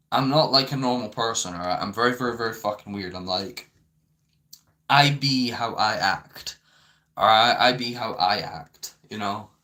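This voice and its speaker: A man's voice: lowish voice, sharp tone. A young man ranting to camera in a rambling, profane way, filling his talk with "you know". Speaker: vlogger. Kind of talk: unscripted rant.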